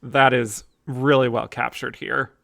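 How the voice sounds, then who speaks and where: A man's voice: mid-range voice, level tone, measured pace, creaky, pushed and bright, no room sound, clean studio sound. A man hosting a podcast, chatting casually about a film, laughing often and acting out lines he quotes. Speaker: podcast host.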